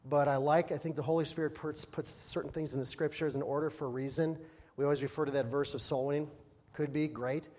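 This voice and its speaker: A man preaching a sermon, lively and self-deprecating, who laughs at himself and bursts into loud exasperated asides. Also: fast, big-room sound. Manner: animated, acting out exasperated quotes with sudden loud high outbursts; laughs at himself while talking. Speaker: pastor.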